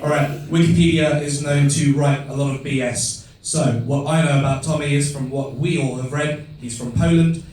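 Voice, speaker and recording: A man's voice: on the high side, fairly even intonation, normal speed, few pauses, a little mellow. A man in the audience asking a chatty, rambling question at a live Q&A. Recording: echoey hall, far mic, crowd.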